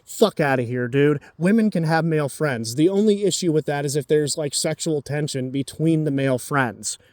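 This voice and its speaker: A man's voice: fairly high pitch, normal speed, darkish tone, no echo, clean studio sound. A man in his twenties giving dating advice in a blunt, profane, ranting casual monologue. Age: 20s.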